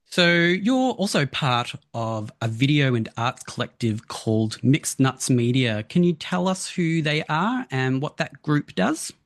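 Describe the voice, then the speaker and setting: A male interviewer asking questions in a tentative, gently prompting way. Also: mid-range voice, expressive, unhurried, hardly any pauses. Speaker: radio interviewer.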